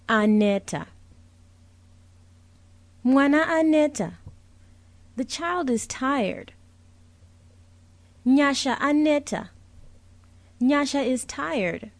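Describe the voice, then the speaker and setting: A young woman speaks as a language teacher, unhurried and patient, spelling out each word and repeating it so it sinks in. Her voice sits in a middle range and is recorded close and dry, with no room sound around it. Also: high voice, animated, no echo. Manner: patient, clear, explains each word with a translation. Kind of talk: slow, deliberate vocabulary lesson, repeating each word.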